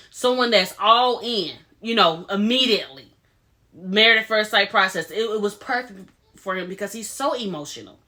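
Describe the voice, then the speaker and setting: A woman's voice: medium pitch, sharp tone. A woman giving casual, opinionated commentary as she recaps a reality TV episode, retelling scenes in quoted voices.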